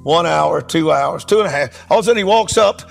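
A middle-aged man, a preacher telling a testimony in a sermon with animated, emphatic delivery. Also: a little high, a little fast, creaky, soft background music. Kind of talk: sermon storytelling.

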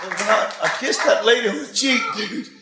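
A man in his sixties preaching, telling a story in an animated way and laughing often. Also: sits high, brisk, echoey room, crowd noise, background noise. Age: 60s. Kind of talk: sermon storytelling.

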